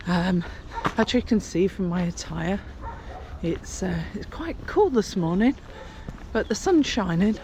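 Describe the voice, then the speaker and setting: An older woman with a mid-range, lively voice talks casually to the camera as she walks a pilgrimage trail along outdoor country paths. She rambles a little slowly, using plenty of fillers, and there's noise in the background of this walking vlog.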